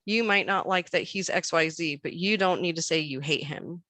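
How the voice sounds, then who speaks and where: A woman's voice: on the low side, normal speed, no echo. A woman in her thirties, a podcast guest, telling family stories in casual chat and acting out the quoted dialogue. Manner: animated storyteller who acts out quoted dialogue.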